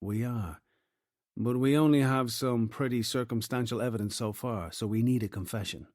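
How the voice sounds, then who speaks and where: A man voicing a commanding detective chief giving orders with brisk, dry humour. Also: medium pitch, darkish tone, dry recording, natural voice. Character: wry, commanding male detective boss.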